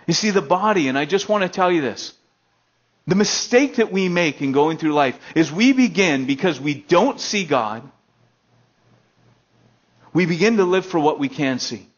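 A young American man preaching a casual storytelling sermon, animated, with loud excited bursts and quiet stretches. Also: a little high, moderate pace, pauses often. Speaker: pastor. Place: elementary school meeting room. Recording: dull lo-fi sermon recording.

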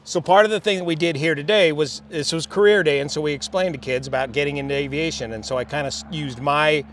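An older man, an airline pilot being interviewed, telling stories of his flying career in a measured, reflective way. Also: a little high, a bit bright, slight background noise. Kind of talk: relaxed storytelling.

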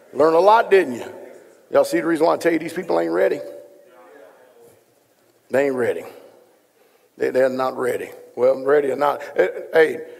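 Male pastor, slightly high, husky voice, joking with a large congregation, long hall reverb. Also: a little mellow. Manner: folksy, joking, talks straight to the room. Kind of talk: sermon with casual asides to congregation. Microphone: stage microphone being adjusted.

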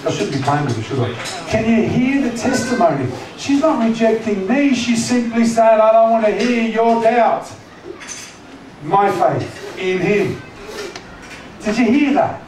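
High-voiced pastor in an echoey hall. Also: male voice, very animated, a little slow, a crowd in the background. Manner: conversational, teasing, asks the congregation questions. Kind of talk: sermon. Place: church hall. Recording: echoey church hall, distant mic, noisy.

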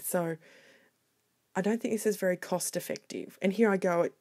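A woman narrating her scrapbooking video in a casual voiceover, chatty, excitable and quick to poke fun at herself. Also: mid-range voice. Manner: chatty, excitable and self-deprecating. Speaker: scrapbooking vlogger. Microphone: voiceover recorded separately.

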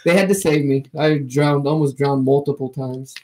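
A man's voice: mid-range voice, steady tone, normal speed, dark tone, a little hiss or hum. A man in his forties telling stories in a loose, profane, rambling way as a podcast co-host, laughing as he talks. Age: 40s. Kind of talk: casual storytelling chat.

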